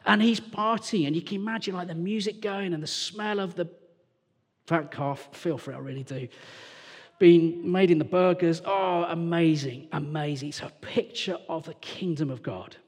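A man from England preaching a lively sermon as church leader, telling the story with animated character voices and sudden hushed moments. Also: on the high side, moderate pace. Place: church hall. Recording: reverberant church hall.

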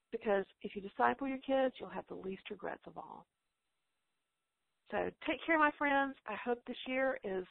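Gravelly woman on a tinny line. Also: fairly high pitch, dry recording. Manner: earnest, preacherly encouragement. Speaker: guest speaker, homeschool author. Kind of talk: encouraging talk and Q&A. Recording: tinny phone-like call audio, dry.

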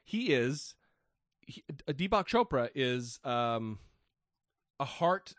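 A man's voice: medium pitch, sing-song, slow, a bit bright, dry recording, clean studio sound. A man co-hosting a casual skeptic podcast, joking and swearing, often stumbling and restarting his words. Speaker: podcast co-host.

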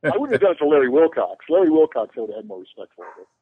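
This podcast guest, who organizes conventions, speaks rapid-fire in a mid-range voice with big pitch swings and a breathy edge. The casual chat comes through a tinny phone line as he rambles through long anecdotes and jokes at his own expense.

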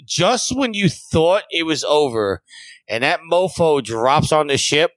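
A man's voice: on the high side, big pitch swings, unhurried, a bit bright, dry recording, low-quality recording. A man co-hosting a podcast, blunt and joking, swearing casually. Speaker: podcast co-host.

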